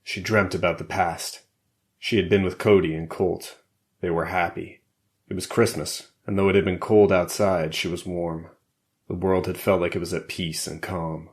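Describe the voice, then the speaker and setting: A man narrating a spy thriller audiobook in a measured, steady way. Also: low-pitched. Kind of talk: scripted narration.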